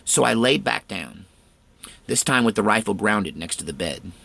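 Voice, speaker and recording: A man's voice: on the low side, expressive, normal speed, creaky, bright, forceful tone. A man earnestly recounting a frightening personal experience in a tense, fervent way. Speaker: storyteller. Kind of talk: personal storytelling.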